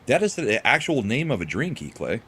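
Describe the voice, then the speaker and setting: A man's voice: medium pitch, big pitch swings, moderate pace, fairly bright tone, a little hiss or hum. A man co-hosting a podcast, ribbing the others in a dry, matter-of-fact way. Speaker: podcast co-host. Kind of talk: casual podcast banter.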